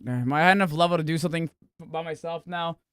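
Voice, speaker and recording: A man's voice: on the high side, quick pace, smooth, no room sound. A man streaming a game, chatting casually in a loose, profane, rambling way. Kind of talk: casual gaming stream chat.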